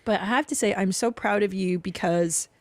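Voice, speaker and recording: A woman's voice: medium pitch, normal speed, dry recording. A woman co-hosting a comedy podcast, telling stories with frequent laughs. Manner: chatty, laughs often, storytelling. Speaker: podcast co-host. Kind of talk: casual comedic chat.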